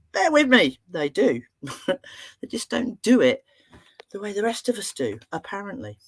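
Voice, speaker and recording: A middle-aged woman speaks as a therapist addressing an online audience. She tells stories in a chatty, humorous and expressive way, and her pitch swings widely and animatedly. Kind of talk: storytelling talk to an online audience.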